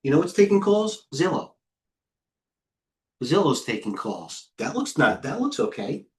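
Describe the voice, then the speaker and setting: A middle-aged man hosting live trading commentary, firing off clipped ticker call-outs and excitedly talking to himself as he trades. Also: fairly high pitch, measured pace. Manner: talks to himself while trading. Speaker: head trader hosting a market livestream.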